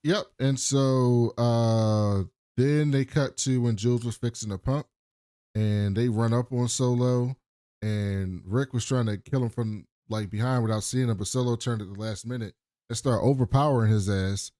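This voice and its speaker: A man's voice: mid-range voice, steady tone, moderate pace, dark tone, no room sound, clean studio sound. Laid-back man recapping a TV episode. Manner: loose, profane, laid-back storytelling. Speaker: podcast co-host. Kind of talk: casual TV recap chat.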